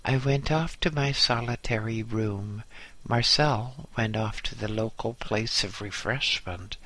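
A man narrating a memoir audiobook in a measured, dryly humorous way. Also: lowish voice, a bit bright, dry recording.

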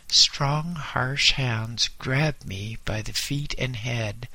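A man narrating a first-person story in a slow, grave, dramatic reading style. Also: medium pitch, sharp tone, dry recording. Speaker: audiobook narrator.

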